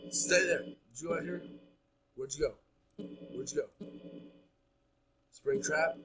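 A man's voice: a little high, a little slow, music in the background, low-quality recording. A man playing a horror game, chattering nonstop and jumpy as he talks his audience through it. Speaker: gaming YouTuber. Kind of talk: horror game let's play commentary.

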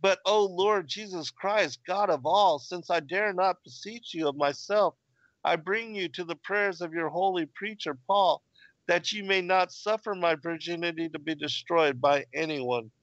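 A man's voice: high-pitched, measured pace, a bit bright, no room sound, muffled recording. A man reading as a young woman praying in captivity. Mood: pleading.

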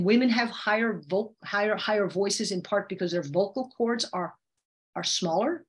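A woman communication coach leads a webinar over a video call, speaking in a slightly husky, mid-range voice. She teaches in an explanatory way and often shifts her voice to show what she means. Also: mid-range voice. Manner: demonstrative, shifts her voice to illustrate points.

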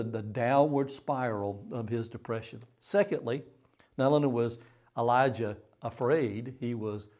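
Man preaching with a slightly high voice. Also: darkish tone. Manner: earnest preaching with repeated phrases for emphasis. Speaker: pastor. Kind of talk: sermon.

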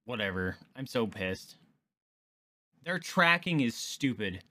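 Bright-voiced man ranting over gameplay. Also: mid-range voice, sing-song, slow. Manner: frustrated, swearing, ranting at the game. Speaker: gaming streamer. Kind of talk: let's play commentary.

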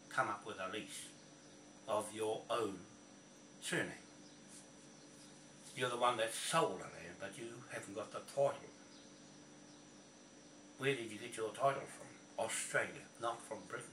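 A man's voice: lowish voice, measured pace, pauses often, sharp tone. A man with a New Zealand accent, delivering a combative, swearing rant aimed at someone he calls out by name. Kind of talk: angry rant to camera. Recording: echoey, from a distance, faint noise.

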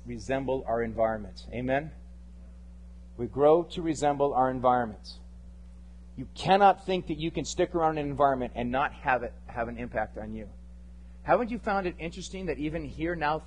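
Impassioned preacher with a slightly high voice. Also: male voice, slight background noise, low-quality recording. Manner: impassioned, swinging between loud and hushed. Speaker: pastor. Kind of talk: sermon. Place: church service.

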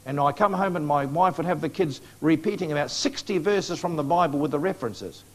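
A man's voice: a little high, a little fast. A man with a New Zealand accent preaching a sermon to a congregation, urging them earnestly and appealing to them directly. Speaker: evangelist preacher. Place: church meeting before a live congregation.

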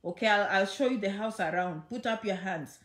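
A woman's voice: medium pitch, brisk. Chatty woman in an echoey room. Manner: chatty, affectionate, keeps asking okay. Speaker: social media host. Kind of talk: casual livestream chat. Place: at home.

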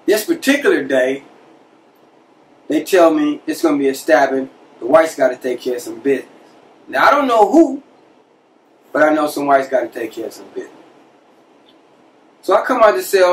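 A man casually telling a personal story from his past as a podcast host, conversational and animated, acting out the people he quotes. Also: a little high, distant mic, rough recording.

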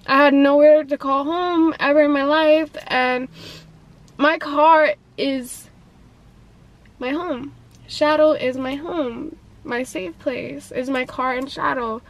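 A young woman with a high, light voice talks straight to her viewers in a loose, confessional vlog. She rambles and leans on "like" and "you know" between her thoughts. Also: fairly even intonation, takes it slowly, poor audio. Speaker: vlogger. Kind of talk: casual confessional chat.

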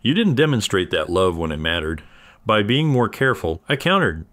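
A man with a very low, deep voice telling a first-person story. He reads a scripted narration at an even, measured pace, keeping his delivery steady throughout.

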